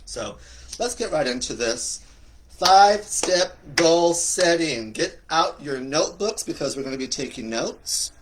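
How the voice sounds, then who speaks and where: A campy, joking middle-aged man chats casually on a livestream, greeting viewers by name. His mid-pitched voice leaps up high when he welcomes people. A faint noise sits under the recording. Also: sing-song, moderate pace, fairly bright tone. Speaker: livestream host and coach.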